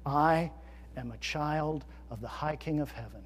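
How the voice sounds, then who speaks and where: A middle-aged male pastor delivers a sermon in a fairly high voice. He moves between loud, emphatic declarations and soft, conversational asides. The sound carries the long reverb of a large church sanctuary. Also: measured pace, breathy edge.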